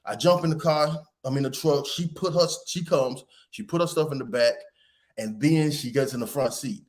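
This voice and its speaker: A man hosting a podcast, telling a rambling story with lively quoted voices and casual swearing. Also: medium pitch, moderate pace. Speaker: podcast host.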